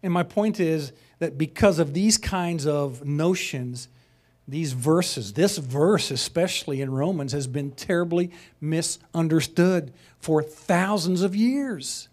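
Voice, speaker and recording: A man's voice: fairly high pitch, slow pace, a little mellow. A man teaching a sermon-style lesson, conversational and passionate, rising to emphatic peaks. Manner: conversational asides, chuckles.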